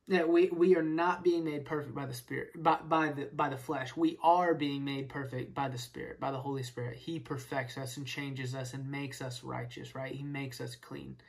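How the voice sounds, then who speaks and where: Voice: mid-range voice, gravelly. A speaker giving a casual Bible study, explaining verses with rhetorical questions and peppering the talk with "right?" and "man.". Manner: casual, filler-heavy, keeps saying "right?" and "man". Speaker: Bible teacher.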